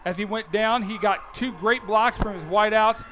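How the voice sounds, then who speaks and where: A man giving chatty, folksy color commentary on a live high school football radio broadcast, breaking into bursts of enthusiasm. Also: normal speed, sharp tone, faint music behind.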